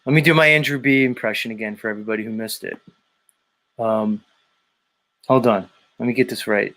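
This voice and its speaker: A man's voice: medium pitch, steady tone, brisk, long pauses, fairly bright tone. A man hosting a show, ranting casually with mocking, profane remarks. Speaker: show host.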